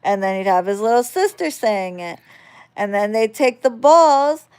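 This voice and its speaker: A woman casually telling a story on a phone vlog, swearing freely and getting animated as she retells it. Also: a little high, a little slow, clean tone. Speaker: vlogger.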